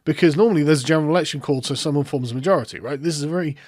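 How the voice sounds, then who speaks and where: A man's voice: on the high side, rapid-fire, darkish tone, no room sound, studio quality. A man, ranting sarcastically in political commentary, swearing and mocking his opponents.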